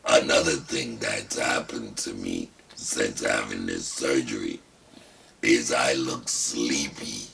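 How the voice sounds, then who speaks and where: Older man with gravelly prosthetic voice. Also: extremely low pitch, a bit bright. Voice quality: gravelly, rasping voice-prosthesis speech. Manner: wry, self-mocking, deliberate. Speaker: talk show host. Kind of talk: casual personal storytelling. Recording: distant mic with faint background hiss.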